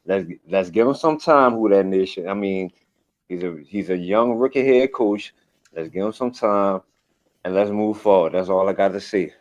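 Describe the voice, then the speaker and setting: A low-voiced man calls in with blunt, emphatic, slangy opinions. His voice comes through a dull, lo-fi call line. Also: moderate pace. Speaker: call-in guest. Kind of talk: casual sports opinion.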